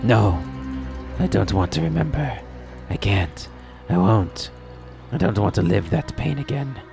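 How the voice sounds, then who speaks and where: A man reading as a hoarse, weary demon spirit in a chain. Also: on the low side, lively intonation, a little slow, a little mellow, faint music behind. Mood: pained. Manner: reluctant, pained.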